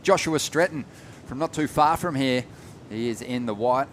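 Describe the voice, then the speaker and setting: An Australian man doing live play-by-play surf commentary, steady and informative with friendly banter. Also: medium pitch, moderate pace, a little hiss or hum.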